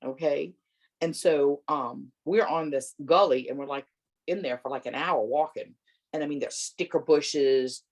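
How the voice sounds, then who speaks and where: Middle-aged woman, interview guest, expressive storyteller who acts out dialogue. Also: a little slow. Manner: animated, acts out voices with big pitch jumps and laughter.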